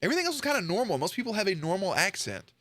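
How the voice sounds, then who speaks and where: A man's voice: sits high, very animated, very fast, fairly bright tone. A young man giving casual, blunt reaction commentary to a video, swearing freely and joking.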